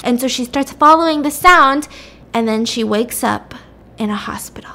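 A young woman with a voice pitched a little high tells a story to her listeners. She talks casually and stays animated, acting out the characters' lines and throwing in playful swears. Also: fairly quick. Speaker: podcast host.

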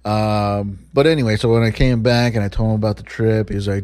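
Low-voiced man rambling on his podcast. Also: fairly even intonation, fairly quick, darkish tone. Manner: rambling and candid, swears freely. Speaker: podcast host. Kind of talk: casual solo podcast monologue.

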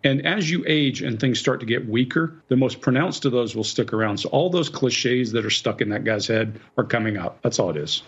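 A man's voice: medium pitch, fairly quick, few pauses, husky, lo-fi sound. A man appearing as a guest expert on a news show, confidently explaining facial expressions and gestures step by step. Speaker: body language analyst guest.

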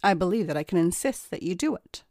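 A woman's voice: on the low side, lively intonation, quick pace, a little mellow, no echo, clean studio sound. A woman voicing a stubborn, imperious woman on trial who speaks curtly and insists on her way. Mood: haughty. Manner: curt, haughty, insistent.

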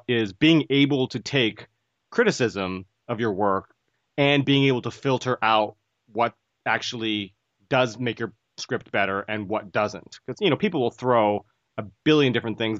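A man hosting a casual interview, asking measured questions about writing. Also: medium pitch, fairly bright tone, dry recording, lo-fi sound. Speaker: podcast host.

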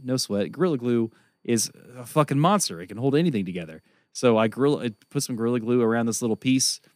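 Man, podcast co-host, casual comedy chat, rambling profane storyteller, mid-pitched voice, dry close mic. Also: no echo.

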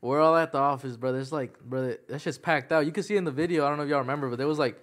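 A man's voice: fairly high pitch, very fast. A man on a podcast panel telling a story in casual, repeating speech. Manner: storytelling, lots of "bro" and restarts.

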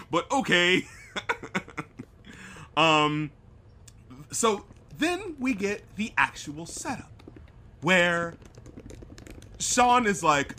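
A man co-hosting a casual movie review podcast, swearing freely and mocking scenes by acting them out. His voice is bright and fairly high for a man. He talks in a loose, sarcastic way. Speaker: podcast co-host.

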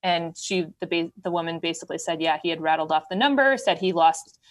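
A woman guest telling a candid, animated story in casual conversation. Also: lowish voice, fairly quick. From Wisconsin. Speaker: podcast guest.

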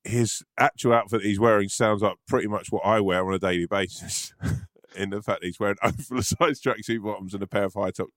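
Rambling man with a low voice. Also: fairly even intonation, fairly quick, a bit bright, no echo, studio quality. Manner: rambling, self-mocking, laughs often. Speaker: podcast co-host. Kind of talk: casual comedic chat.

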